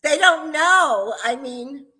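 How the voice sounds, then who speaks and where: An older woman co-hosting a casual chat, telling animated stories and laughing often. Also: high voice, slow, poor audio. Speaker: co-host.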